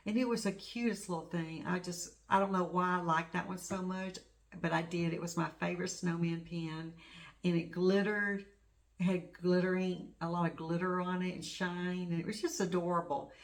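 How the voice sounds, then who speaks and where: A middle-aged woman with a fairly low voice talks in a loose, chatty way. She rambles and gushes over small things, like a craft channel host showing off her work. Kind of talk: casual show-and-tell chat.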